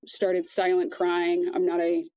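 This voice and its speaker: Low, mellow-voiced woman telling her story. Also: completely flat delivery, smooth, no room sound, rough recording. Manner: quiet, measured retelling with many restarts. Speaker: podcast guest. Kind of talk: personal storytelling in conversation.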